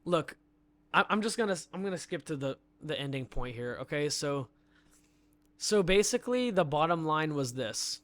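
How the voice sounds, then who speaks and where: A man's voice: a little high, expressive, moderate pace, a bit bright. A man telling an indignant story on a podcast, building up with bursts of laughter. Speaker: podcast guest. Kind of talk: animated storytelling rant.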